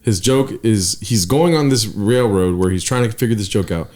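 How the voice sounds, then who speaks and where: A man, a podcast co-host and stand-up comic, telling a story in casual chat, animated and swearing, with fillers and trailing sentences. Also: on the low side, normal speed.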